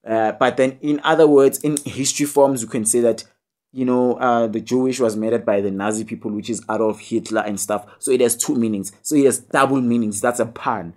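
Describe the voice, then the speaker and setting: A young man with a South African accent teaches poetry in a laid-back online video, using many fillers and tag questions. His medium-pitched, slightly mellow voice is brisk with fairly even intonation, and he teases his students and scolds them.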